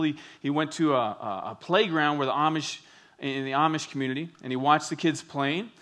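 A man preaching a sermon with a bright, forceful voice that sits a little high. He tells stories with animated delivery, acting out the quotes. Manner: animated storytelling, acts out quotes. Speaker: pastor.

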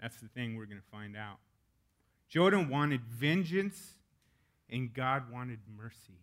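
A man's voice: medium pitch, expressive, slow pace, fairly bright tone. A male pastor preaching a sermon in a casual, candid way, with joking asides.

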